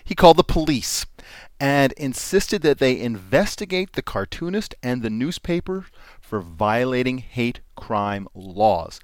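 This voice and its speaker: A man's voice: medium pitch, big pitch swings, a little slow, no room sound. Male podcast host, casual news-reading delivery, dry studio sound. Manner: reads news items with dry jokes and laughs.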